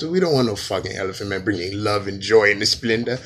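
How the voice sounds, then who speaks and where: A man's voice: fairly low pitch, brisk, hardly any pauses, a bit bright. A man hosting a podcast in a casual comedic rant, profane and playful, often breaking into sung imitations. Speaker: podcast host.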